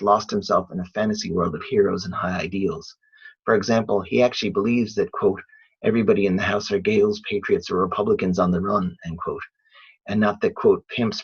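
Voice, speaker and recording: A man giving a measured, read-aloud academic lecture on literature, calling out each quotation he cites. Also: deep voice, a bit bright, breathy edge. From Ireland. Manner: measured, reads quotations aloud with "quote" and "end quote". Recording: dull lo-fi recording.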